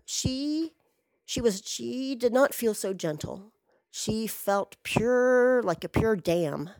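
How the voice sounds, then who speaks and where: A woman telling a rambling, excitable story at home in a casual way, swearing freely as she goes. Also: fairly high pitch, takes it slowly, dry recording, studio quality. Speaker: vlogger.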